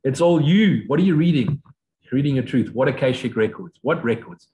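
Man, mid-pitched, teaching off the cuff: blunt, swears freely, mocks in squeaky voices. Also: animated, fairly quick, warm tone, low-quality recording. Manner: blunt, profane, provocative; mocks views in sudden high voices. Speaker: spiritual teacher. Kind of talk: unscripted lecture.

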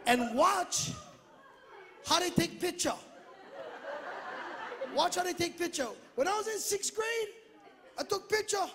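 A middle-aged man with a Hawaiian Pidgin accent performs stand-up in a large theater, talking with a strikingly high voice. He shouts his punchlines and acts out other people's voices with lots of energy. The recording carries long hall reverb, loud audience laughter and constant background noise. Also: animated, measured pace, pauses often. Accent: Hawaiian Pidgin-tinged English. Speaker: stand-up comedian. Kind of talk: stand-up comedy routine. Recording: live theater with echo, crowd laughter and noise.

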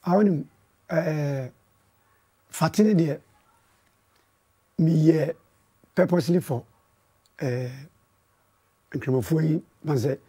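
A Ghanaian man with a Ghanaian accent, a musician guest chatting casually in an interview and telling his story softly. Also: on the high side, takes it slowly, long pauses, breathy edge.

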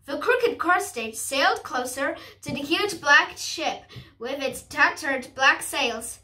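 A woman reading a storybook aloud, carefully and haltingly, restarting words as she goes. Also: sits high, lively intonation, pushed and bright, far from the mic.

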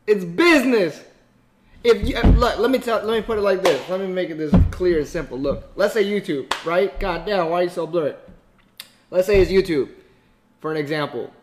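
A man's voice: sits high, moderate pace, noisy background. A man hosting a reaction video, casual and profane, talking back at the screen.

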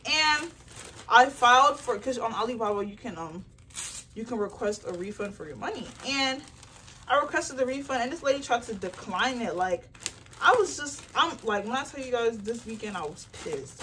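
A young woman chatting casually to her phone camera while packing orders, telling a story in an animated way with lots of "like". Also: a little high, normal speed, long pauses, far from the mic, slight background noise. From Nigerian heritage. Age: young adult. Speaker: small business owner vlogger.

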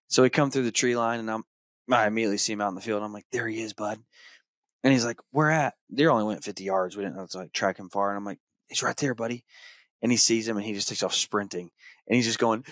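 A man in his thirties hosting a podcast, telling a hunting story in a casual, animated way. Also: fairly low pitch, brisk, dry recording, studio quality. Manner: animated retelling, acts out his son's excited shouts. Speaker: podcast host.

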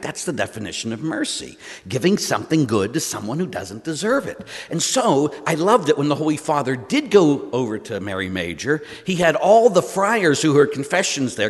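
Lively middle-aged priest in a reverberant hall. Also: male voice. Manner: storytelling, jumps from loud exclamations to low earnest asides. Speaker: priest giving a retreat talk. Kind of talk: animated retreat talk to priests. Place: retreat center hall.

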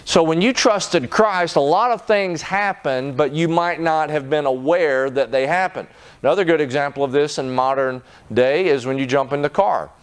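A middle-aged male pastor preaching with earnest conviction, his voice smooth and resonant. He sits a touch higher than most men and climbs higher still when he drives a point home. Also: normal speed. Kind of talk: sermon.

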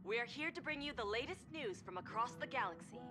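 A woman voicing a formal news anchor in a video game, reading stories with crisp newsreader delivery. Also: fairly high pitch, animated, fairly quick, over music, close to an everyday voice.

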